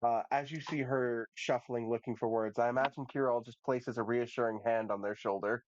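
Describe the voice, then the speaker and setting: A man who is game master, narrating a tabletop game in an unhurried, descriptive way. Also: mid-range voice, fairly even intonation, a little hiss or hum. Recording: dull lo-fi dry sound.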